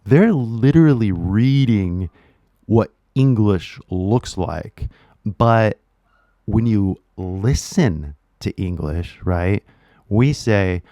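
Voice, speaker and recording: A man with a Californian accent gives a casual English lesson straight to camera, speaking slowly at medium pitch with lively intonation and a slightly mellow tone. His talk is laid-back and slangy, packed with "like" and "right?". The audio is studio quality with no room sound.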